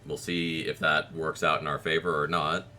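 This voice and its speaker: Relaxed and wry, a gaming video creator with a very low, bright-edged voice gives let's play commentary as he plays, tossing out little self-deprecating reactions and quick quips between fights. Soft music runs underneath.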